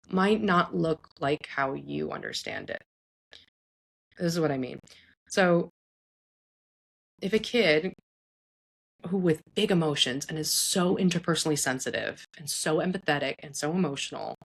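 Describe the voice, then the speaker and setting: A woman psychologist giving earnest, conversational advice to parents, often checking in with "right?". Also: lowish voice. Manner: acts out quoted speech in shifted voices. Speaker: psychologist host.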